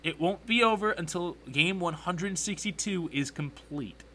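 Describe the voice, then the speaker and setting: A young man hosting a solo sports podcast, ranting with strong opinions, getting excited and correcting himself as he goes. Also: high voice, measured pace, slight background noise.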